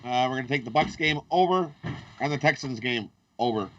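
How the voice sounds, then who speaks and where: A man's voice: mid-range voice, a little fast, fairly bright tone, dry recording. A man reads off his betting picks in a brief, matter-of-fact way. His voice sits in a mid range and comes through distant and dry. The audio is dull and lo-fi. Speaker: sports betting panelist. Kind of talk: giving betting picks on a live show.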